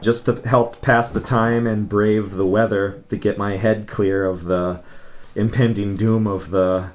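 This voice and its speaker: Chatty man telling a story. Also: fairly low pitch. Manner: chatty, laughs between phrases. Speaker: podcast guest. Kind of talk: casual storytelling.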